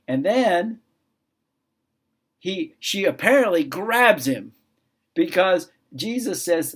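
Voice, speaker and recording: A man's voice: high-pitched, sing-song, slow pace, pauses often, breathy edge. A man giving a casual Bible lesson to children, talking conversationally and asking his listeners questions.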